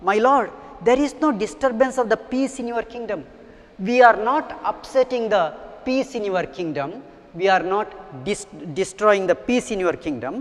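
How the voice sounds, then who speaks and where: A man's voice: sits high, normal speed, voice pushed up, close to an everyday voice. A man reading the lines of a clever, polite male elephant who serves as a minister, speaking soothingly. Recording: long echoing reverb.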